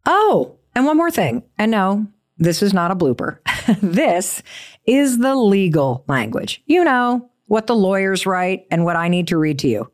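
A woman's voice: medium pitch, big pitch swings, measured pace, dry recording, clean studio sound. A woman hosting a podcast, speaking in an encouraging, playful way and laughing easily. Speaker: podcast host. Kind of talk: podcast interview and sign-off.

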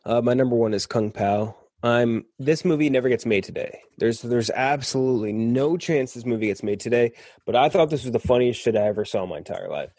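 A man's voice: medium pitch, a little fast, hardly any pauses, darkish tone, no echo. A man co-hosting a casual podcast, emphatic and swearing freely. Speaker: podcast co-host. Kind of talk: casual chat.

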